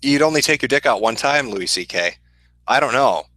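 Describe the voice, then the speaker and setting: A man with a Midwestern accent, hosting a casual livestream and answering chat questions in a profane, deadpan, sardonic way. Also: medium pitch, normal speed, no echo, rough recording. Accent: Midwestern American.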